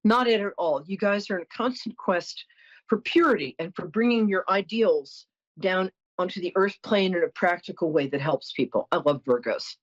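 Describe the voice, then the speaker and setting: A woman's voice: on the low side, moderate pace, dull audio. A middle-aged woman hosting a psychic call-in show, chatting, apologizing and telling stories in a frank, blunt way. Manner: warm-hearted, apologetic, storytelling, blunt. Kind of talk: chatty call-in talk with anecdotes.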